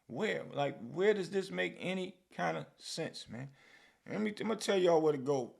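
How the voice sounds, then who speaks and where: A man with a New York accent runs a podcast in an animated, casual way. His voice has a gravelly edge, and he keeps landing his points with "man.". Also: high voice, moderate pace. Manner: animated, repeats "man" and "bro". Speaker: podcast host. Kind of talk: casual commentary.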